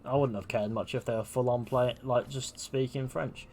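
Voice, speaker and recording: A man's voice: medium pitch, fairly even intonation, normal speed, a little mellow, a little hiss or hum. Chatty young male game streamer. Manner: chatty, offhand, swears. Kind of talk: casual commentary over gameplay.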